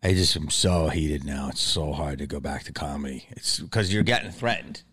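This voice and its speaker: A man's voice: a bass voice, moderate pace, a bit bright, husky, no echo, studio quality. A man hosting a podcast, talking over a clip in a profane, self-justifying rant. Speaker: podcast host.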